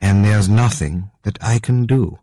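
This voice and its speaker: A man reading an audiobook, voicing a grave, resolute king in earnest, measured dialogue. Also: lowish voice, warm tone, no echo, voice pushed up.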